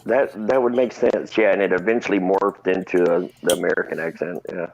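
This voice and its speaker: Gravelly man in casual chat. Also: low voice, steady tone, fairly quick, a little hiss or hum, poor audio. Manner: laughs easily, repeats himself.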